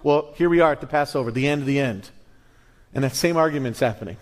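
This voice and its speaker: Preaching with a mid-range voice at a fast clip, a middle-aged pastor brings his sermon to life through storytelling. He voices small characters along the way and frequently starts over mid-thought.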